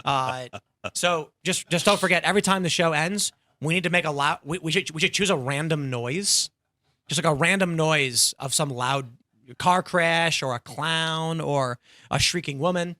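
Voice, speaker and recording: Male panel host, sarcastic and animated, slightly higher pitch, bright forceful tone, dry close mic. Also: moderate pace, no echo. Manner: animated, sarcastic, acts out quotes. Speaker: podcast host. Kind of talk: opinionated panel talk show.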